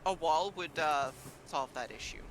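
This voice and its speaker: High-voiced easygoing man gamer. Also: a little slow, a bit bright. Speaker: player. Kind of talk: casual gaming chat. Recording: noisy mic.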